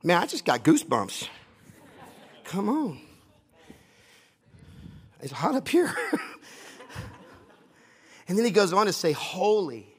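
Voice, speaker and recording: A man's voice: high-pitched, wildly swooping pitch, takes it slowly, pauses often, husky. A man preaching a sermon to a congregation from a stage, passionate and emphatic, repeating phrases and at times half-singing his lines.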